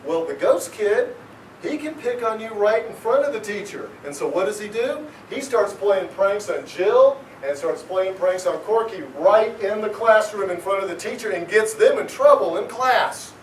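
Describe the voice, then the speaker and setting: A man, a children's author, giving a lively, expressive talk to schoolchildren and asking them questions. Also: high voice, moderate pace, slight background noise. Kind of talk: animated talk and reading to schoolchildren. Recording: echoey school room, far from mic. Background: children in the audience.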